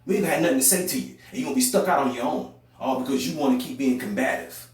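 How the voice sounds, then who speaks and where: A young man with an African American Vernacular English accent delivers a heated, preachy monologue. He repeats his phrases and swings between loud outbursts and quiet, low stretches. His voice rings through a very echoey room, picked up from far off. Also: racing. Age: young adult. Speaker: podcast host. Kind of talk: impassioned monologue.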